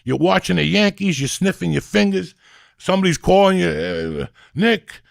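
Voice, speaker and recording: A man co-hosting a comedy podcast, telling profane, animated stories in rant after rant. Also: high-pitched, normal speed, gravelly, no room sound, clean studio sound. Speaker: podcast co-host.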